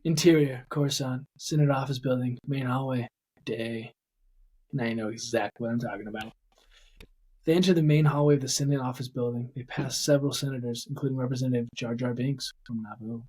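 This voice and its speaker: A man's voice: medium pitch, fairly even intonation, a little fast, darkish tone, a little hiss or hum. A man co-hosting a podcast, chatting easily and reading out a script excerpt. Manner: easygoing, reading aloud from a script. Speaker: podcast co-host. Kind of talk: casual chat.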